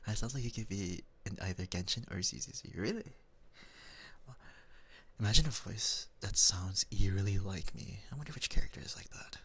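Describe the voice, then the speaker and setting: A young man from the Philippines chatting with his chat in a soft, whispered role-play style, giggling often. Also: on the low side, breathy edge. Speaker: streamer.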